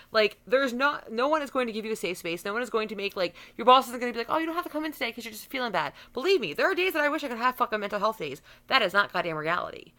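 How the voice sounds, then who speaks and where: A woman's voice: mid-range voice, sharp tone. A woman in her thirties delivering a blunt, profanity-laced rant to camera, heated and unfiltered, with bursts of laughter. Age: 30s. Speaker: vlogger. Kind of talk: profane ranting monologue.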